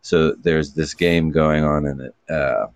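A middle-aged man chatting casually on a podcast, telling a rambling, animated story. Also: a bass voice, takes it slowly, no room sound. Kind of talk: casual chat.

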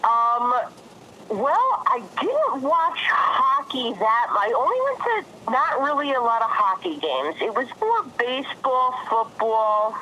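A woman's voice: high-pitched, sing-song, takes it slowly, sharp tone, highs cut off, slight background noise. A woman with a New Jersey accent, a guest chatting casually and bluntly, laughing easily. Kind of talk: casual chat.

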